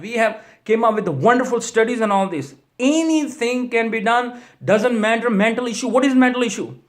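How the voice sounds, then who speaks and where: A man, a church minister, giving an impassioned video message that pleads with repeated rhetorical questions and closes in prayer. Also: very high voice.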